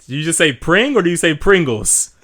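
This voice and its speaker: A man's voice: fairly high pitch, expressive, fairly quick, bright, forceful tone. A man co-hosting a casual podcast chat, teasing his partner and laughing, with plenty of swearing. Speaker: podcast co-host.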